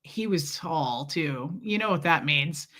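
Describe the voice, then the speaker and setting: Woman rambling away on her livestream at home, bright clear voice, chats to viewers and her pets. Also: sits low, animated, takes it slowly. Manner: rambling, chatty storytelling with asides to viewers and pets. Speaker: livestream host. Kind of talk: casual livestream chat.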